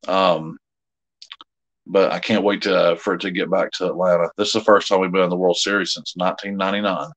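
A man's voice: low voice, flat delivery, a little fast, a bit bright, rough recording. A middle-aged man, chatting casually with viewers as co-host of a live jewelry sale, rambling and easygoing with many fillers.

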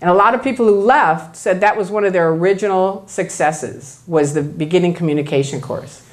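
A woman's voice: lowish voice, brisk. A woman giving a public talk, telling stories and acting out the voices of the people in them. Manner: animated, acts out voices of others. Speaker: guest speaker.

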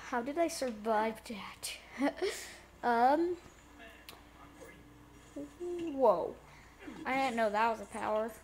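A woman giving casual gameplay commentary, giggling, getting excited and talking to the characters on screen. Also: on the high side, extremely slow, long pauses, a little hiss or hum. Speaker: let's play gamer.

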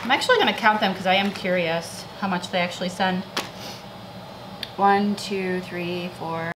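A woman flower farmer chatting casually to her viewers while starting seeds, bubbly and quick to laugh at herself. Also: fairly low pitch, noisy background. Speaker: flower farmer and channel host. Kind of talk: casual seed-starting vlog.

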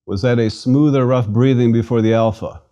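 A man's voice: medium pitch, fairly even intonation, a little fast, mellow. A man giving a scripted pronunciation lesson, patient and repeating words for the listener to drill. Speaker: language lecturer. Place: studio.

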